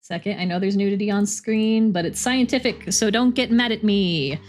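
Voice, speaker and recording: A woman streaming, making quick, offhand asides while reading aloud. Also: medium pitch, soft background music.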